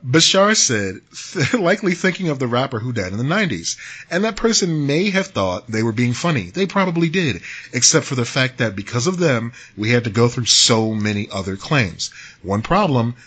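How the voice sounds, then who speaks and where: Male podcast co-host, casual chat, lively and bright, reads news with a joking tone. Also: medium pitch, moderate pace, breathy edge. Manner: laughs often, jokey asides.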